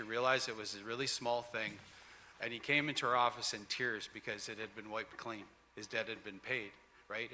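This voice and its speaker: A male member of parliament answering earnestly at a candidates forum, halting with fillers. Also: mid-range voice, pushed and bright, a little hiss or hum. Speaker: member of parliament running for re-election. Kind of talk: debate answer.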